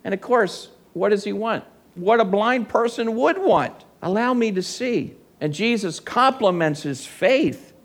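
A man's voice: medium pitch, creaky. A man preaching a sermon in an earnest way, often asking his listeners rhetorical questions.

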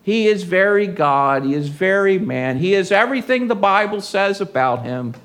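A pastor preaching a sermon in church, reading scripture and rising loud and intense on key lines. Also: male voice, high voice, animated, normal speed. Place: church service.

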